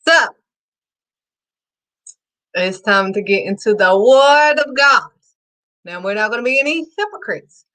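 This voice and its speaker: A woman hosting her own faith talk show, excitedly preaching to her viewers and calling them sweetheart. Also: medium pitch. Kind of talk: casual preaching to camera.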